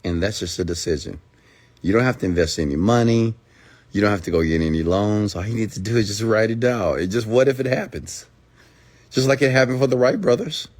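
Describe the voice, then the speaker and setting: A man delivers a motivational rant in a fairly low voice. He drives his points home by repeating them and keeps asking rhetorical questions. His delivery is emphatic and direct, as if he is speaking straight to each listener. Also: a little fast, darkish tone.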